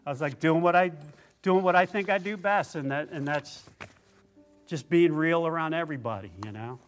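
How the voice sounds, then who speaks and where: A man delivers a testimony sermon in a church service, choked up and tearful. He speaks in halting bursts, restarting his sentences, in a voice pitched a little above most men's. Soft instrumental music plays faintly behind him. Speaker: preacher.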